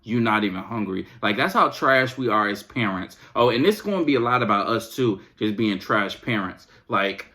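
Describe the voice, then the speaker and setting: A man's voice: mid-range voice, animated, moderate pace, few pauses, bright, forceful tone. A man hosting a podcast, venting in a casual, exasperated, slangy rant. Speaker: podcast host.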